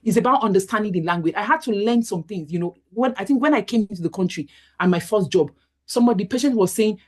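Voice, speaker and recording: A woman's voice: mid-range voice, a little fast, a little mellow. A middle-aged woman doctor, reassuringly answering a question in an online career workshop. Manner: reassuring, explanatory, with many "you know" fillers.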